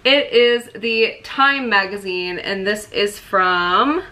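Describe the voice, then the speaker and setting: A young woman in a casual vlog, chatting excitedly and emotionally about her collection. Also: medium pitch, slow. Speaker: vlogger showing a merch collection. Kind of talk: casual chat.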